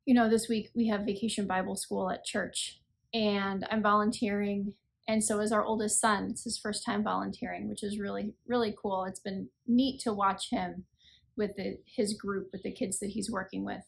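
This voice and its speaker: A woman in her thirties, worn out after a long week, gives an earnest, unscripted reflection for her faith podcast. She speaks plainly and conversationally, at a medium pitch, and pokes gentle fun at her own weariness. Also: level tone, normal speed, creaky, breathy edge. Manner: earnest, conversational, self-deprecating. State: tired. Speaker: podcast host.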